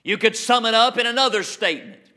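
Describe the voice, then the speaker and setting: A male pastor preaching an emphatic sermon, slowing down to read scripture. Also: very high voice, expressive, bright, forceful tone.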